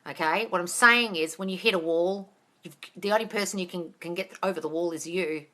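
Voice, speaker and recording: A woman's voice: lowish voice, brisk, bright, forceful tone. A woman coaching viewers on a live stream, reading their comments aloud, calling them darling, and swearing freely as she gives blunt advice. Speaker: manifestation coach answering live questions. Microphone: phone or webcam on a live stream.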